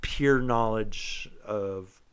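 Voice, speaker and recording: A man's voice: lowish voice, drawn-out words, clean tone. A young man talking casually on a podcast, rambling and swearing freely, tipsy as he jokes and argues. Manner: profane, rambling, says he is tipsy. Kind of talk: casual chat.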